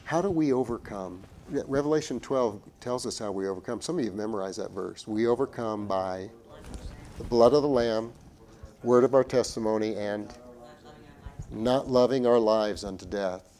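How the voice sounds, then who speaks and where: A pastor preaches a sermon in a voice on the low side at normal speed. He speaks earnestly, repeating and restarting phrases, climbing to emphatic peaks before dropping quiet.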